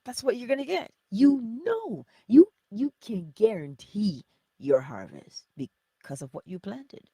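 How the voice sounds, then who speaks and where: Husky woman teaching with lively pitch. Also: unhurried, no room sound. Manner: preacherly, rhetorical questions, conversational. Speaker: spiritual teacher. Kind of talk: inspirational morning teaching.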